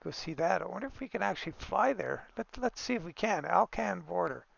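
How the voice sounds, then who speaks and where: A man's voice: high-pitched, lively intonation, brisk, gravelly, a bit bright, no room sound, highs cut off. A man giving a casual, rambling game tutorial, correcting himself as he goes and chuckling now and then.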